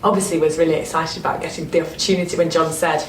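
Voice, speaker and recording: A Northern English woman, an actress being interviewed, who talks with animated enthusiasm and often restarts her sentences. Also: sits low, rapid-fire. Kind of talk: casual interview chat. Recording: roomy, distant mic with faint noise.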